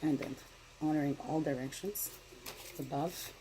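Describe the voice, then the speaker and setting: A middle-aged woman giving a casual daily spiritual card reading, talking in a gentle, meandering way and often asking "right?". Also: low voice, measured pace, background noise.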